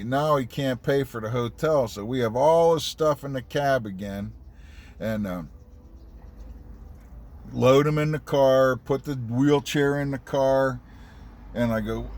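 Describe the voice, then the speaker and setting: A man's voice: medium pitch, slight background noise. A man telling a casual anecdote about his days as a cab driver and dispatcher, conversational and profane, acting out the dialogue.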